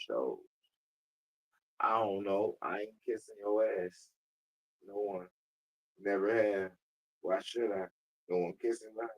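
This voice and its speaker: A man with a fairly low, husky voice chats casually on a live stream. He is blunt, slangy and profane, and he laughs a lot. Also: rough recording. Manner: says he talks fast. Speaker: livestreamer talking to a voice assistant.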